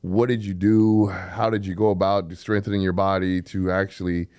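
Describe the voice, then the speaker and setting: Joking, low-voiced male co-host. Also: flat delivery, normal speed, a little mellow, dry recording, studio quality. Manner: joking, curious, eager questions. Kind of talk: casual talk show conversation.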